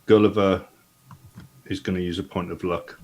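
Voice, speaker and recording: A man playing a tabletop role-playing game, describing what his character does in a slow, deliberate way. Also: sits low, flat delivery. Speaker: player.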